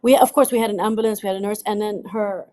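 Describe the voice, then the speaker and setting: A woman from the United Arab Emirates, a film director, answering interview questions in a lively way with frequent restarts and laughter. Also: mid-range voice, fast, slight background noise. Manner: animated, laughs often, many restarts.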